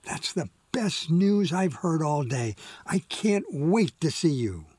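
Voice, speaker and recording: A man's voice: a little high, very animated, slow pace, darkish tone, husky, no echo, heavily acted. A man reading an audiobook, voicing an eager, upbeat young man talking to his fiancée on the phone.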